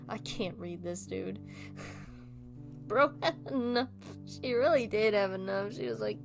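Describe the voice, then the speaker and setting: A woman's voice: mid-range voice, moderate pace, music in the background. A young adult woman streaming a game, chatting casually and laughing often. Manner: giggly, chatty, swearing freely.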